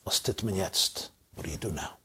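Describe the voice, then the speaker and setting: Preacher doing a solemn courtier, low and husky, emphatic. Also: male voice, brisk, bright, forceful tone, a little hiss or hum. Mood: alarmed. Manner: grave, emphatic, repeating himself. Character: grave male royal courtier, alarmed.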